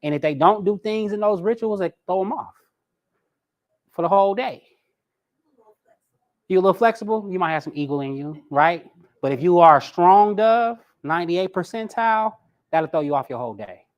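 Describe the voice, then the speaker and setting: A man teaching a live personality class in a lively way, talking straight to his audience. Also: high-pitched, normal speed, long pauses. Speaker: personality coach.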